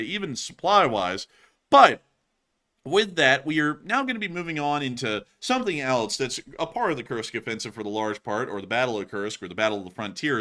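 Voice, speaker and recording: Bright-voiced male war news host. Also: medium pitch. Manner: conversational analysis with occasional stumbles. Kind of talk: war news commentary over a map.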